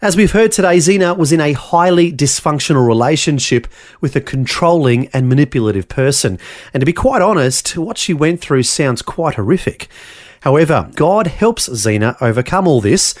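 A man hosting the show, reading a scripted outro in a clear delivery. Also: a little high, animated, normal speed. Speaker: host. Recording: faint background music. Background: faint music.

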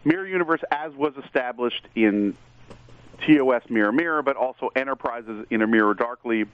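An excitable man hosting a chatty show talk, rambling eagerly from one point to the next. His voice comes through a thin, tinny line like a phone call. The sound is dry and close, with no room around it. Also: mid-range voice, a little fast, smooth, dry recording. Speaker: podcast host. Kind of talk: casual TV discussion.

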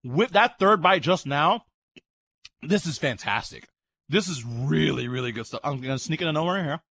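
A man on live radio tasting a sandwich and reacting with loud excitement, talking while he eats at home. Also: fairly high pitch, normal speed, vocal fry. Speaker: radio co-host. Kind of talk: live radio food review.

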